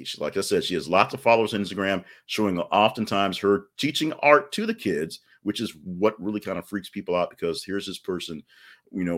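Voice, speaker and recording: A man's voice: sits low, fairly bright tone. A man hosting a podcast, giving casual news commentary with chatty, wry asides and frequent restarts. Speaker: podcast host.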